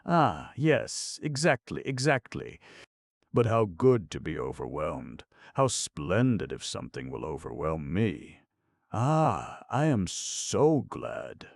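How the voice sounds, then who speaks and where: A man voicing an excitable, pale young man with a French accent who talks in an intense, gushing, rhapsodic way. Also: very deep voice, slow, creaky, dry recording, clean studio sound, heavily acted. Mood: eager.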